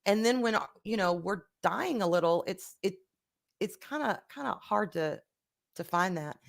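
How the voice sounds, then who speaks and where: A woman's voice: medium pitch, expressive, normal speed, vocal fry. Candid, rambling woman livestream host. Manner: candid, rambling, swears freely, reads viewer comments aloud. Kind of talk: casual live-stream chat.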